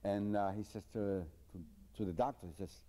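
A comedian telling a string of jokes in a lively, storytelling way, chuckling at his own punchlines. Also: fairly low pitch, moderate pace. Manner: animated, repetitive storytelling with chuckles. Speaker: stand-up comedian. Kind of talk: joke telling.

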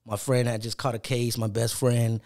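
A middle-aged man tells a long story about his early music days, swearing freely and acting out the voices on old phone calls. His voice sits at an ordinary pitch, neither high nor low. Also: flat delivery, normal speed, a little mellow. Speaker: rapper guest. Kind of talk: casual storytelling chat.

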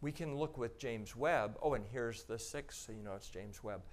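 A man giving a public talk about space images, walking the audience through slides in a relaxed, conversational way with frequent pauses and filler words. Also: medium pitch. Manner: conversational, explaining step by step with frequent "um" and "you know".

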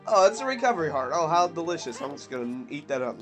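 A high-voiced young man gives jokey gameplay commentary, his voice swinging up and down a lot. He rambles with plenty of fillers and yelps loudly whenever something startles him. Faint music plays behind him. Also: animated, fast, few pauses. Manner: jokey, yelps and screams at scares. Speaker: let's play commentator.

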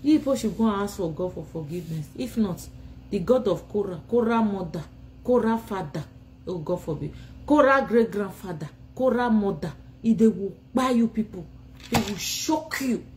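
A woman's voice: medium pitch, lively intonation, normal speed, a little mellow, a little hiss or hum, rough recording. A Nigerian woman ranting in a phone live video from home, scolding and insulting her rivals while tired and sleepy. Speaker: vlogger.

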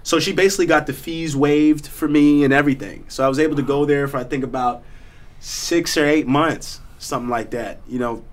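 A man's voice: a little high, steady tone, brisk. A man from South Africa, a guest actor telling stories in a casual studio chat, laid-back and slangy with many fillers and restarts.

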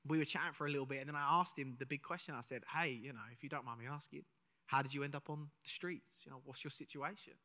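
A man's voice: fairly high pitch, fast talker, sharp tone. A young man from England, preaching a live sermon, telling a personal story in a chatty way and asking the audience questions. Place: church hall, live service. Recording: live in a reverberant church hall.

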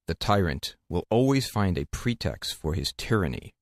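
A man narrating fables for an audiobook in a measured, expressive reading. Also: low-pitched, dry recording, studio quality. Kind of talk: scripted storybook narration.

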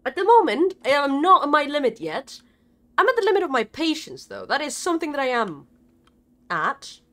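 A young woman streaming a game live. She swears a lot and swings between panicked shrieks and low mumbles. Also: big pitch swings, normal speed, a bit bright. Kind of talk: live gameplay commentary.

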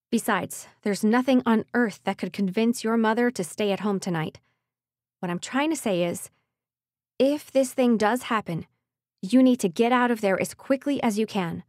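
Woman playing young fantasy heroine, earnest, urgent, mid pitch, dry close audiobook sound. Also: a little mellow, no echo, close to an everyday voice. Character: young woman heroine, desperate but determined.

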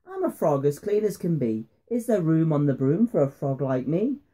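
Dad doing a polite wet frog. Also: male voice, a little high, very animated, normal speed, warm tone. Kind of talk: bedtime story reading.

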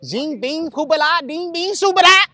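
A man's voice: very high-pitched, normal speed, bright, forceful tone. A man performing in a comedic rap battle, boasting and chanting nonsense syllables with swagger. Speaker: battle rapper in a comedy sketch.

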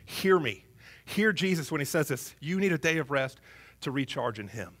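Animated, joking male pastor preaching. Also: a little high, moderate pace. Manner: humorous, animated, conversational preaching. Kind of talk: sermon. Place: church, before a congregation.

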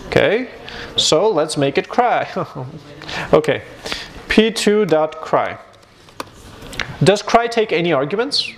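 A man teaching a university computer science class, talking lively and joking with his students. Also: on the high side. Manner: lively, switches between English and Armenian, jokes with students. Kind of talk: live classroom lecture. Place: university lecture hall. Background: students in the room.

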